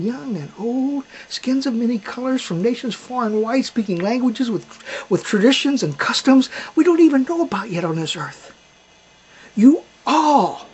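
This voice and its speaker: A man voicing the gentle voice of God, speaking slowly and softly with solemn, measured pauses. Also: very high-pitched, slightly rough, highs cut off, voice pushed up, exaggerated voice.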